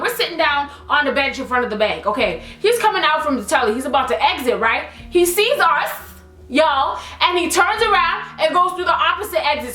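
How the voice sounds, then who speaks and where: A young woman telling an animated, slangy storytime to her camera. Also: sits high, echoey room. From Canada. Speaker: vlogger.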